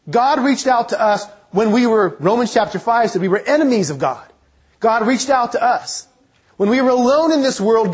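A man preaching an expository sermon, earnest and emphatic, slowing down to read scripture aloud. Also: sits high, slightly rough.

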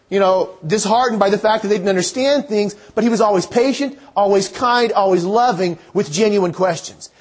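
A man preaching a sermon in an earnest, conversational way, quoting scripture and telling stories. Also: sits high.

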